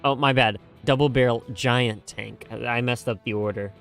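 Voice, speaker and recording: A man's voice: mid-range voice, steady tone, moderate pace, vocal fry, few pauses, fairly bright tone, clear, resonant tone, faint music behind. A young man chatting casually on a live stream, rambling and joking at himself with lots of fillers and restarts. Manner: rambling, jokey, self-mocking, many fillers and restarts. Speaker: streamer reacting to game music.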